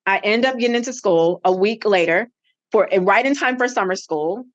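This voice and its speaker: A middle-aged woman, a podcast guest, telling a personal story with lively acted-out dialogue. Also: mid-range voice, normal speed, muffled recording. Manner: animated, acts out quoted dialogue.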